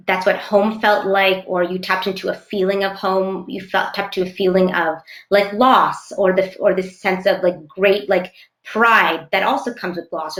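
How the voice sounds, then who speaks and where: Reflective actress guest, echoey room. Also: female voice, on the low side, fairly bright tone. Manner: thoughtful, searching for words with many fillers. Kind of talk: casual interview chat.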